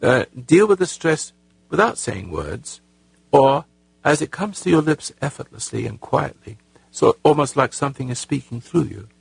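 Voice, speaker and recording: A man hosting a call-in advice show, talking in a halting, earnest way with many repeated words and a raspy voice. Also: medium pitch, sing-song, no room sound. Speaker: radio call-in host.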